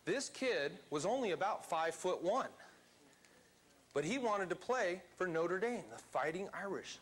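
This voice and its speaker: A man's voice: high-pitched, lively intonation, unhurried. A man giving a motivational seminar talk to a live audience in a seminar room, speaking emphatically and quizzing the crowd.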